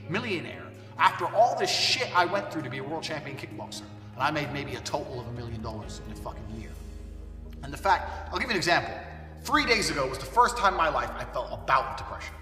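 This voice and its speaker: A man's voice: fairly high pitch, animated, a little fast, pushed and bright. A man delivering a blunt, profane ranting monologue as an online commentator. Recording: echoey hall, voice far from mic, faint music.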